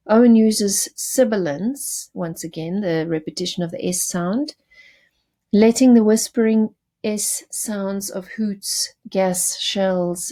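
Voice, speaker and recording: Slow-speaking woman teacher explaining a poem. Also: on the low side, dark tone. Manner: patient, explanatory with restarts. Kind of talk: poetry lesson.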